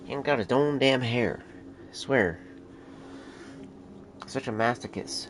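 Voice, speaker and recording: A man's voice: medium pitch, slow, long pauses. Guy streaming from home, baby-talks his cat and swears a lot, lots of noise behind him. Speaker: console game streamer. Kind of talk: casual off-camera chat. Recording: noisy home background.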